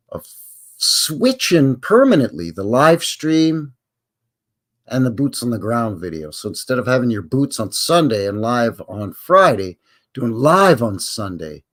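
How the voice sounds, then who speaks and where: A man in his fifties hosting a casual live stream from home, chatting to viewers in a folksy, rambling way. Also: mid-range voice. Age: 50s.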